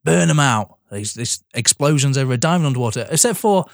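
Animated man recapping a film. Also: mid-range voice, fast, vocal fry, no echo, studio quality. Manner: animated, swearing, laughs often, acts out lines. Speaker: podcast co-host. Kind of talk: casual chat recapping a film.

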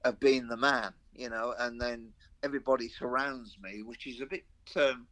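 A man's voice: mid-range voice, fairly even intonation, moderate pace, a bit bright. An older man with a Black Country accent, a veteran rock guitarist chatting as an interview guest, rambling through anecdotes with self-mocking humour. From Black Country, English Midlands. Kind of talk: casual interview chat.

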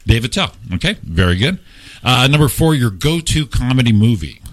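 A man hosting a podcast, running a quick quiz in a playful, joking way. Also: medium pitch, sing-song. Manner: playful quizmaster, laughs often. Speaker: podcast host. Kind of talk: casual podcast interview.

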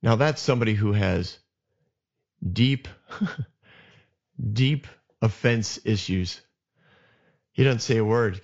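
A man hosts a storytelling podcast and retells scripture as a casual chat. He slips into quick acted lines for the characters. His mid-range voice comes through a dull, lo-fi recording. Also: medium pitch. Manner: animated retelling with acted asides. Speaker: podcast host retelling Bible stories. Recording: dull lo-fi sound.

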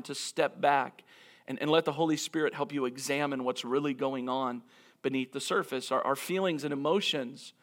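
A man's voice: a little high, fairly bright tone. Earnest man preaching a sermon. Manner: earnest, reflective, with frequent restarts and dramatic slowdowns. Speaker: pastor.

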